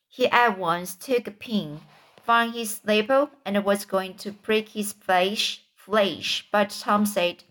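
Narrating a children's storybook, a woman with a medium-pitched, fairly bright voice keeps tripping over words and starting them again.

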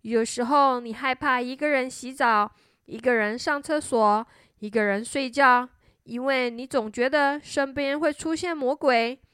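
A woman narrating a children's story in a slow sing-song manner. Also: sits high, fairly bright tone, clean tone, dry recording, studio quality.

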